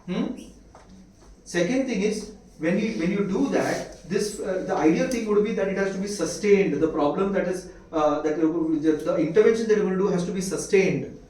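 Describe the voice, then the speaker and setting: Giving a medical lecture, an Indian-accented man constantly tests his students with rhetorical questions; his voice sits high, with a darkish tone and normal pace. The recording has room echo, a far-off mic, and light hiss.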